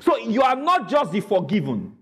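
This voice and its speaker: Animated preacher man with a high voice. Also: moderate pace, long reverb tail, a little hiss or hum. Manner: call-and-response preaching, asks the congregation to repeat. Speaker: pastor. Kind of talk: sermon. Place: church.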